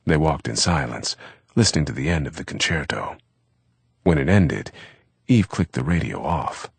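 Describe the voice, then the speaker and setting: A man reading a novel aloud as an audiobook narrator, with a measured, steady delivery. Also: very deep voice, gravelly, breathy edge, no room sound.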